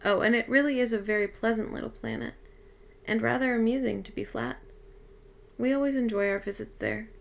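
Gravelly eccentric old lady, read by a woman. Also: fairly high pitch, steady tone, a little fast. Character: cheerful eccentric old female otherworldly being. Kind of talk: audiobook reading.

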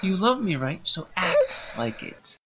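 A man's voice: high-pitched, wildly swooping pitch, a little slow, a bit bright, a little hiss or hum, full character voice, low-quality recording. A man voicing a cruel, unhinged father who swings from crooning to snarling.

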